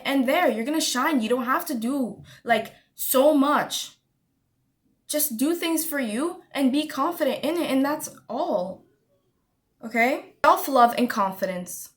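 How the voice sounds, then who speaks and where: A woman's voice: high-pitched, a bit bright. A woman vlogger giving an emphatic motivational pep talk to camera, repeating her points and calling the listener honey.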